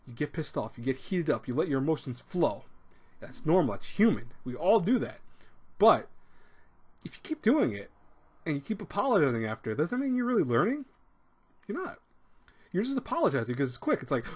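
A man's voice: a little high, big pitch swings, a little fast, darkish tone, slightly rough. A man hosting an advice video, talking in a rambling, emphatic way with many restarts and acted-out quotes. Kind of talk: casual advice monologue.

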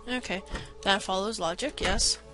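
A woman's voice: mid-range voice, moderate pace. A woman giving casual gameplay commentary, chatting to herself and playfully telling off the game's enemies. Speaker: let's play gamer. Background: faint game music.

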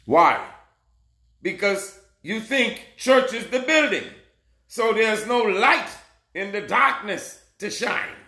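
Male preacher with a high, sharp voice, urgent and scolding, shouting his sermon in an echoey room. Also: animated, slow pace. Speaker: self-proclaimed messiah preacher. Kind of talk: fiery street-style sermon. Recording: roomy echo.

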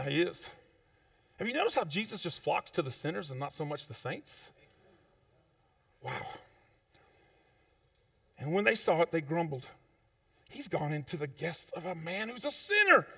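A man preaching a sermon as pastor, in a conversational, informal way with slang, swinging between loud emphatic peaks and low quiet asides. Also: no room sound, studio quality, far from the mic. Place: church sanctuary.

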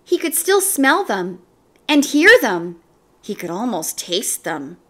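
A woman reading a children's book aloud, slow and expressive. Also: mid-range voice. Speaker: storyteller.

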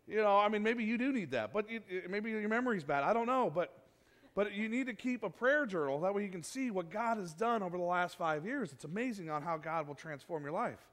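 A man pastor giving a sermon in a church, conversational and animated, acting out what people say. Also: high-pitched, a little fast. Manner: conversational, animated preaching with acted-out quotes.

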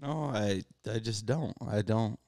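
A young man co-hosting a podcast in casual chat, laid-back and joking, quick to push back on a caller. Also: lowish voice, gravelly, warm tone. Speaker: podcast co-host.

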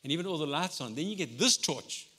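A male pastor delivers his sermon in an easy, conversational manner, now rising and pressing, now dropping almost to a hush. His voice sits a little high for a man. The hall around him adds a long, lingering reverb. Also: animated, fast. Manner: conversational preaching, swings between loud and soft. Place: church hall.

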